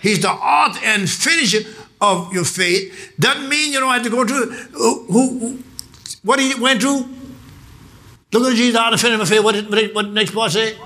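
A male pastor preaching a sermon in call-and-response style. He repeats phrases for emphasis and builds up to shouts. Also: very high-pitched, normal speed.

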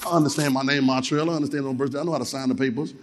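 A man preaching a sermon, leading call-and-response, repeating phrases and swinging from low, quick talk to shouted lines. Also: fairly even intonation, crowd noise. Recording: long hall reverb.

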